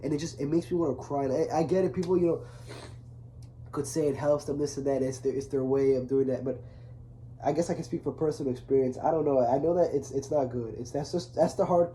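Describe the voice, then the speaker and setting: A young man talking casually to camera, earnest and rambling, full of restarts, growing softer when he speaks of his father. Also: medium pitch, steady tone, fast, a little hiss or hum. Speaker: vlogger. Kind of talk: casual confessional talk to camera.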